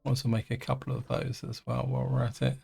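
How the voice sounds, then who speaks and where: Gravelly man musing through a game. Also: medium pitch, little pitch movement, fast talker, darkish tone. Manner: chatty, hesitant, thinks aloud with many ums. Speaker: gaming channel host. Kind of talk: casual let's-play commentary.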